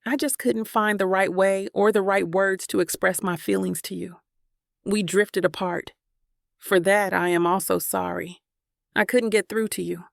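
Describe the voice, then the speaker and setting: A woman narrator voicing a tender, apologetic young husband in an audiobook, speaking softly and sincerely. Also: mid-range voice, fairly even intonation, a little slow, creaky, dry recording, studio quality. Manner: soft, sincere, pleading. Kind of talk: audiobook character voice.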